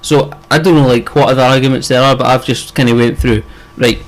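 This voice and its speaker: A man's voice: medium pitch, steady tone, a little fast, low-quality recording. A young man with a Scottish accent, co-hosting a podcast in casual chat, rambling with lots of fillers and casual swearing. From Scotland. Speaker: podcast co-host.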